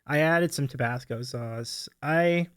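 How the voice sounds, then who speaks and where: A man's voice: mid-range voice, slow pace, clear, resonant tone, no room sound. A man hosting a casual live stream who laughs often and thanks viewers by name. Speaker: stream host.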